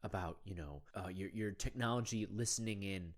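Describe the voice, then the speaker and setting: A man's voice: low voice, moderate pace. A man hosting a podcast in a loose, rambling monologue. He sounds conspiratorial and keeps firing off rhetorical questions. He tags nearly every thought with "right?" or "you know". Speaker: podcast host.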